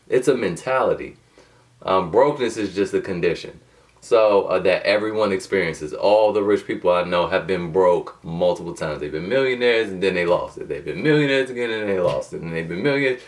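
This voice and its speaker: A man's voice: lowish voice, far from the mic. A man talking casually to camera as a motivational host, rambling and digressive with loose slang and many restarts.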